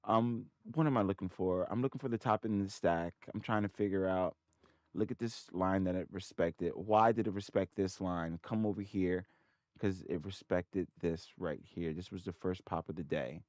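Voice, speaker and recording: A man's voice: deep voice, normal speed, a little mellow, no echo. A man hosting a trading channel, thinking aloud over his charts and muttering in frustration at his computer. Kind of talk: casual screen-share commentary.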